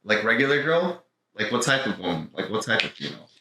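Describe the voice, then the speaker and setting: A man co-hosting a comedy podcast, trading loose jokes and laughing often. His voice is bright and forceful, and the room is echoey with a faint hiss. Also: fairly low pitch, very animated, fast. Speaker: podcast co-host. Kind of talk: casual comedy banter.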